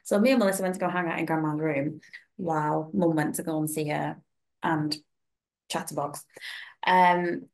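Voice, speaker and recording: A young woman chatting on a podcast with a fairly low voice. She tells her stories with energy and slips into the voices of the people she quotes. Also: moderate pace. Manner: animated storytelling, acting out quoted voices. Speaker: podcast co-host. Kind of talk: casual chat.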